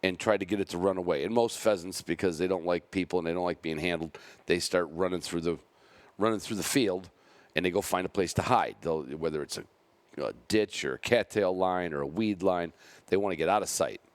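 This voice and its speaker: A man with a deep, low voice talks casually as a podcast host. He rambles and corrects himself mid-sentence in an easygoing way. The sound is dry and close. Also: a little fast, no echo. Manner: rambling, self-correcting, chatty. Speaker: podcast host and bird dog handler.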